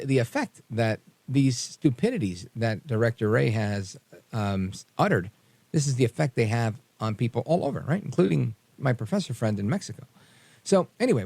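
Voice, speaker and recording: A man's voice: medium pitch, vocal fry, a little mellow, no room sound. A man hosting a political talk radio show, speaking emphatically in a rambling, slangy way.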